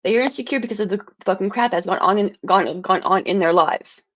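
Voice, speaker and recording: A woman's voice: mid-range voice, brisk, highs cut off. A woman livestreaming an angry, profane rant, stumbling and restarting words as she gets heated.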